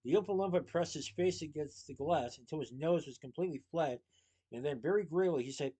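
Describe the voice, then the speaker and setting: A man reading a children's book aloud as storyteller, in a lively, expressive way. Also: a little high, a little fast, slightly rough.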